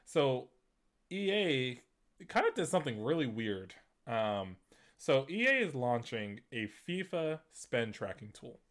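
A man's voice: medium pitch, very animated, measured pace, fairly bright tone. Casual man hosting gaming news. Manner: conversational, many fillers and restarts, laughs at points. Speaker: gaming news show host. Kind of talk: casual commentary.

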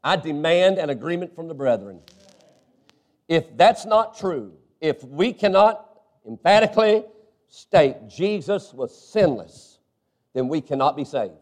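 A man's voice: fairly high pitch, sing-song, measured pace, darkish tone. A male pastor preaching a sermon, punctuating points with frequent amens and questions to the congregation.

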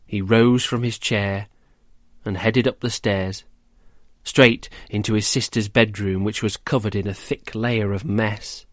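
A man reading a rhyming children's story aloud, gentle and measured, then quizzing children about it. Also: fairly low pitch, fairly even intonation, dry recording, clean studio sound. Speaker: storyteller and host.

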